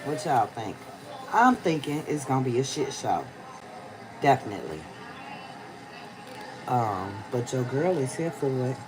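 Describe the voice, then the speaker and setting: Low-voiced, slow-talking woman livestreaming. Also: big pitch swings, noisy background. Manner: chatty, slangy, addresses viewers as y'all. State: tired, yawning. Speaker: livestream host. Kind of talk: casual livestream chat. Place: outdoors on a rainy day.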